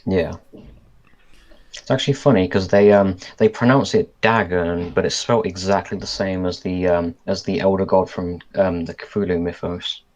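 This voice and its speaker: Low-voiced guy chatting on a podcast, keeps trailing off and restarting, muffled lo-fi mic. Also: fairly even intonation, moderate pace, darkish tone. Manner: thinks aloud, trailing off and restarting sentences. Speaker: podcast co-host. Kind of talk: casual chat reviewing a cartoon episode.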